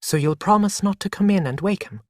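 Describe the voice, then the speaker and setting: A patient young mother, as a storybook narrator puts her on, speaks softly and in a hushed voice. The sound is dry and close. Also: medium pitch, a little fast, no room sound, voice pushed up, lightly acted.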